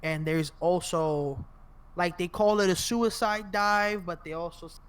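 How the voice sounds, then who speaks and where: A man co-hosting a casual wrestling podcast, talking fast and profanely and breaking into loud impressions. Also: high voice, clean tone. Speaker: podcast co-host. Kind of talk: casual wrestling review chat.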